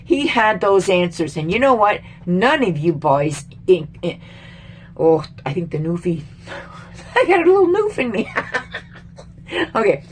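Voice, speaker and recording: A woman's voice: fairly low pitch, a little hiss or hum. A middle-aged woman from Canada, a vlogger, ranting angrily about politics to camera with lots of swearing and exasperation. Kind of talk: angry political rant to camera.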